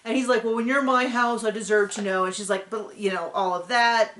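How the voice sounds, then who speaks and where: A woman's voice: fairly high pitch, steady tone, brisk, fairly bright tone, echoey room. A woman hosting a casual TV recap, chatting in a sarcastic, filler-heavy way. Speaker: recap show host.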